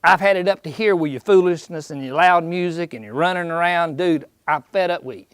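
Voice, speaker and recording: A man's voice: on the high side, fairly quick, fairly bright tone, clean tone, no room sound, clean studio sound, lightly acted. A man voicing a grumpy, fed-up mature male buck.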